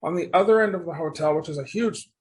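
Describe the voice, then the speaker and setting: A podcast guest, a man with a notably high voice, tells stories in a loose, animated way. He wanders through his sentences, restarts them and trails off. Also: quick pace, a little hiss or hum. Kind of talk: casual storytelling conversation.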